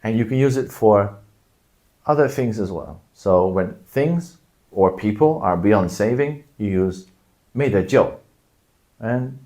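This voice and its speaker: A middle-aged man teaching language phrases in a casual video lesson, explaining patiently and breaking out into loud acted examples. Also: on the low side.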